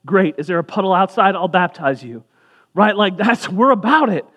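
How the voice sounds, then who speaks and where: A man's voice: high voice, lively intonation, normal speed, fairly bright tone. A man preaching as a pastor, talking in a conversational way with asides, his voice rising for emphasis. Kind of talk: sermon.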